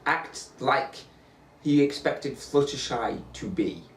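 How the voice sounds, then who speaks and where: A man's voice: mid-range voice, animated, slow pace, gravelly, recorded from a distance, slight background noise. A man with an East Midlands accent, co-hosting a casual reaction chat and rambling through restarts. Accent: East Midlands English. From England, Nottingham area. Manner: rambling, many restarts and hedges. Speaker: co-host of a reaction show. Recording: roomy sound from off the mic.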